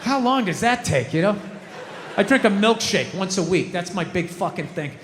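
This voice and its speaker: A man's voice: sits high, expressive, moderate pace, slight background noise. A man doing stand-up comedy on a large outdoor stage, ranting in an exasperated, profane way into a handheld mic. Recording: live outdoor show with reverb.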